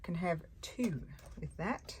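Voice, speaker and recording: An older Australian woman with a low voice talks through a craft project at her table, chatty and easily sidetracked. She sounds tired. Steady noise runs under the recording. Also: takes it slowly. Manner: chatty, easily distracted, thinks aloud while working. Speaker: craft channel host. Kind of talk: casual crafting chat.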